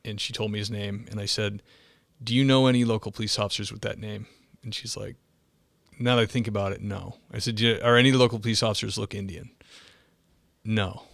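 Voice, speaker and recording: A man's voice: lowish voice, fast talker, creaky, dry recording. A man who hosts a podcast and works as a police officer, telling stories casually and acting out the quoted voices. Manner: animated storyteller, acts out quotes.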